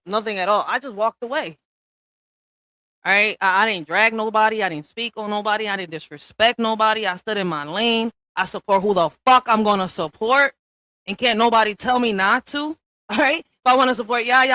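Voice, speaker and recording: A woman giving a blunt, profane response rant to another creator, often tagging lines with "all right?" and swinging from low and quiet to loud and high. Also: fairly quick, dry recording, low-quality recording.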